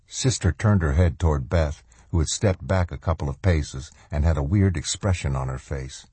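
A man narrating a novel as an audiobook reader in an even, measured way. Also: rumbling low, slightly rough, dry recording. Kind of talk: scripted narration.

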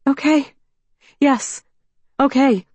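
A woman narrator voicing a frightened young pregnant woman, with a high, urgent, pleading delivery. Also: very slow, darkish tone, dry recording.

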